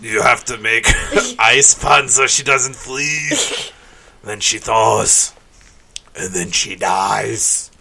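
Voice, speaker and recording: A man's voice: fairly low pitch, extremely slow, gravelly, bright, forceful tone, slight background noise. A man co-hosting a podcast in casual chat, crude and joking, laughing often. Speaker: podcast co-host.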